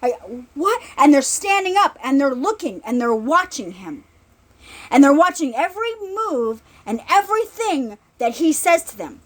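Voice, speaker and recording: Woman ministry speaker, informal sermon, high animated voice, chatty and repetitive. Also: normal speed. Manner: conversational, repeats herself, checks in with "right?".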